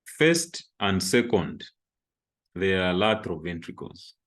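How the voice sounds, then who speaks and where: A man's voice: low-pitched, sing-song, slow pace, a bit bright. A man from Zambia giving an anatomy lecture, explaining step by step while pointing at a diagram and checking in with "okay".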